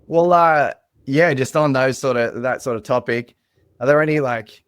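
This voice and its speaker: An Australian man hosting a casual interview, asking questions in a relaxed, loose way. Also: mid-range voice, normal speed, smooth, no room sound, studio quality. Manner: relaxed, loose phrasing with fillers. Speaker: podcast host.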